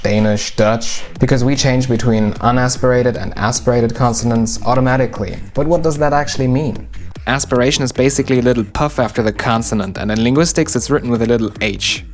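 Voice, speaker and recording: Wry man teaching phonetics. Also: mid-range voice. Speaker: linguistics teacher. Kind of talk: explanatory video lesson.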